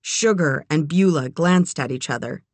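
A woman narrating a novel in a measured, expressive way. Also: sits low, no room sound. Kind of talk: audiobook narration.

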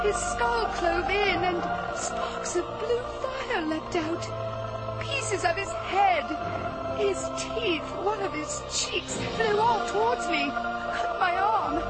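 An actress playing a terrified young woman who has seen a murder, frantic and breathless. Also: extremely high pitch. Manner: frantic and breathless, then shaken. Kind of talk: radio drama acting.

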